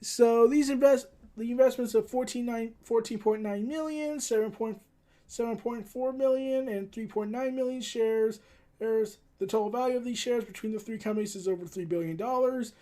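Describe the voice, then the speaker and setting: A man's voice: very high-pitched, normal speed, dark tone. A man hosting a casual news commentary, rambling with sarcastic asides. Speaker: host.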